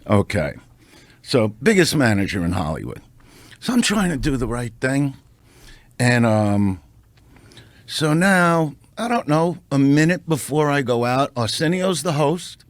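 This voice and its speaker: Building toward punchlines, this male comedian recounts a showbiz tale on a podcast in a brash, profane, animated manner, close to the studio mic. He speaks a little slowly in a mid-range voice, with no echo.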